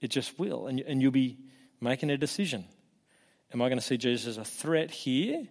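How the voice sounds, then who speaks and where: A man preaching a sermon in an animated way, acting out the voices he quotes and often restarting his words. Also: mid-range voice, moderate pace. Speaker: pastor.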